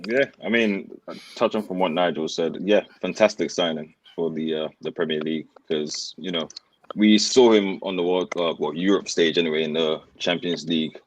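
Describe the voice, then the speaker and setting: Low-voiced man listing football points. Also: steady tone, normal speed, slight background noise, poor audio. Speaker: podcast panelist. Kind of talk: casual football podcast chat.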